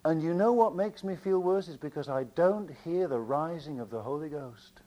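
A man preaching a sermon with passion, repeating phrases and swinging between loud declarations and quiet asides. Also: fairly high pitch, animated, normal speed.

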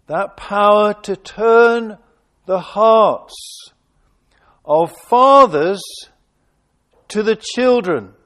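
A man's voice: high voice, very slow, long pauses, fairly bright tone. A man preaching a sermon, reading scripture with dramatic emphasis and breaking off for asides.

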